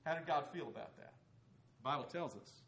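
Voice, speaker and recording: A man preaching a sermon in an emphatic way, rising loud and high and dropping low and quiet. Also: lively intonation, a little fast.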